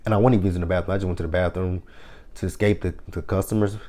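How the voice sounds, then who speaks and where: A man's voice: sits low, fairly even intonation, racing, warm tone. A man in his thirties casually recapping a TV episode, chatty and profane, laughing often. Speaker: TV episode reviewer.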